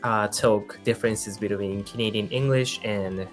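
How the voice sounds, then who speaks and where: A Japanese man from Kansai, a YouTuber and former flight attendant, talking quickly and laughing a lot in a casual chat and vlog intro. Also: on the low side, steady tone, soft background music.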